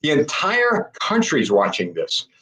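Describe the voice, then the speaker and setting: A middle-aged American man hosting a live political broadcast. He speaks with urgent, exhorting force and keeps calling on his viewers to act. His voice sits a little higher than most men's. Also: huge pitch swings, measured pace, pushed and bright, poor audio. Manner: urgent, exhorting, addresses audience as folks. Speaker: political show host. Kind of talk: impassioned political talk.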